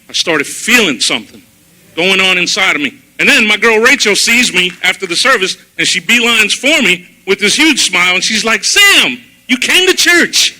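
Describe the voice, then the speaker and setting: Bright, high-voiced man giving testimony. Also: poor audio. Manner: animated storytelling, acting out his own past words. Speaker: church testimony speaker. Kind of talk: personal testimony sermon. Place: church service.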